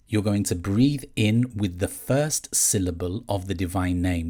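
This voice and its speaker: A man calmly explaining a meditation practice step by step, in a measured teaching manner. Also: low voice. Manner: calm, measured, gently explaining. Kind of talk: guided instruction on meditation.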